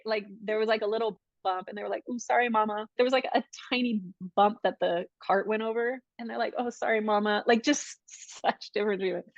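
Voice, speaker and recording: A woman speaks in a lively conversational style, acting out quotes as she tells a personal story. Her voice sits in a middle range. The recording is dry and a little dull, with little room sound. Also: mid-range voice, no room sound. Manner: animated, acts out quoted dialogue. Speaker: podcast guest. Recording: dull, dry podcast audio.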